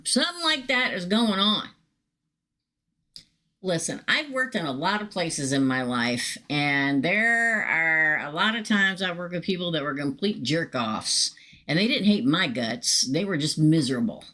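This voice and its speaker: A woman's voice: sits low, lively intonation, a little slow, sharp tone. A middle-aged woman giving live tarot readings to viewers in a chatty, emphatic way. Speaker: tarot reader.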